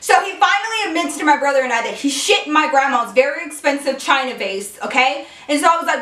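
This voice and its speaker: A woman's voice: high voice, expressive, fast, few pauses, a bit bright, recorded from a distance. A young woman telling a comic childhood story in a casual storytime vlog, swearing freely and talking animatedly. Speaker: YouTube storyteller. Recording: echoey room, off the mic.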